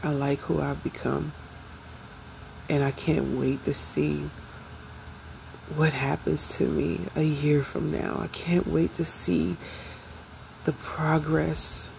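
Young woman, unhurried and emotional, gravelly edge, confessional vlog. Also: low-pitched, little pitch movement, a little mellow, a little hiss or hum, low-quality recording. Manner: slow, reflective, emotional. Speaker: vlogger.

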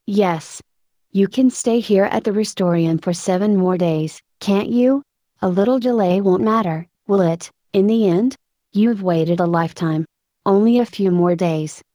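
Woman reading as a smooth, coaxing male salesman. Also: mid-range voice, a little slow, dark tone, no echo, clean studio sound, close to an everyday voice. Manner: soothing, coaxing. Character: smooth-talking male rocket salesman, placating.

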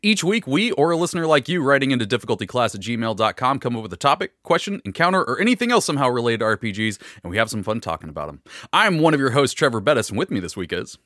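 A man hosting a casual tabletop-game podcast, animated and laughing often, talking into a close podcast mic. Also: mid-range voice, fast, dry recording. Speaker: podcast host.

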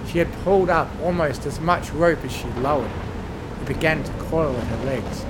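Male reader for a dark fan fiction, a touch high, dramatic measured narration. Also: noisy background. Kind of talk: horror story narration.

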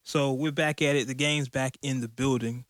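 A man hosting a podcast in casual chat, hyped and joking, at times deliberately slowing his delivery. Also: mid-range voice, steady tone, fairly bright tone, no echo. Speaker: podcast host.

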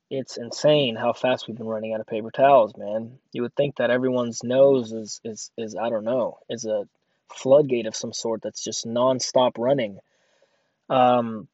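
A man's voice: medium pitch, no room sound. A man who works at a grocery store, rambling through a sarcastic casual rant with lots of fillers. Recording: dull lo-fi dry audio.

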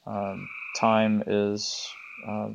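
A man with a Southern US accent hosting a podcast, speaking in a relaxed, laid-back way with many ums and restarts. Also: lowish voice, drawn-out words, creaky, slight background noise, poor audio. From American South. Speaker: podcast host. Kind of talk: casual solo podcast monologue. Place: front porch of an off-grid cabin.

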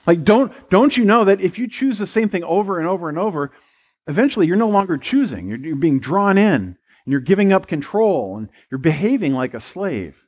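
A man's voice: high voice, lively intonation, fairly quick, darkish tone, breathy edge. A middle-aged man, a pastor, preaching a conversational sermon and acting out playful quoted voices.

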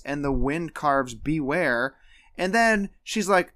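A man co-hosting a casual podcast, recapping a cartoon movie and acting out the characters' lines with lively energy. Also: a little high, unhurried. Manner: animated, acts out characters' lines while retelling. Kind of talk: casual chat.

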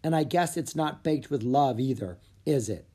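A reader voicing a cheerful, animal-loving young girl in an audiobook, raspy at the edges. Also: mid-range voice, moderate pace, natural voice. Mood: eager. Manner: bright and excitable. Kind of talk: storybook read-aloud.

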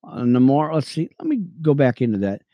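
A man teaching the Bible on radio, reading verses aloud between excited, chatty asides to his listeners. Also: mid-range voice, fairly quick, dry recording, highs cut off. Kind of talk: reading scripture with commentary.

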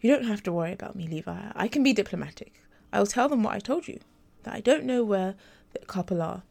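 A woman voicing a guarded, defensive female advisor in a read-aloud story, with a gravelly, mellow voice. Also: medium pitch, animated, brisk. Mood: insistent. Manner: defensive, strained. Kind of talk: audiobook character reading.

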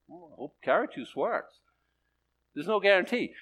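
A man's voice: high-pitched, big pitch swings, moderate pace, a bit bright, slightly rough. A male pastor preaching conversationally. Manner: conversational and sarcastic, with jokes and laughs. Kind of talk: sermon.

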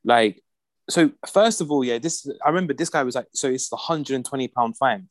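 A man's voice: medium pitch, brisk, dry recording. A young man telling a rant story in casual chat, full of slang and acting out the people he quotes. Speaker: podcast regular.

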